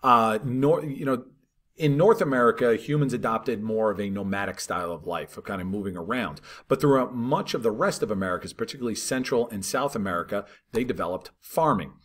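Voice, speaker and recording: A man with a fairly low voice lectures on history in an easygoing, chatty manner. He walks through maps and keeps checking in with his listeners as he goes. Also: lively intonation, fairly quick, fairly bright tone. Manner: conversational, with frequent "right?" and "all right". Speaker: history teacher.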